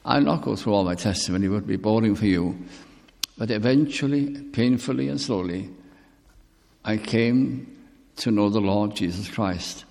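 An older man preaching a sermon with personal testimony, speaking slowly and deliberately, drawing out key words. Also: fairly low pitch, creaky, darkish tone. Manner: slow, deliberate, drawn-out emphasis. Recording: long reverb in a hall.

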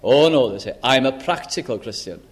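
An older man preaching a sermon, earnest, lifting his voice for scripture and dropping low and soft to stress a point. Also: expressive, brisk.

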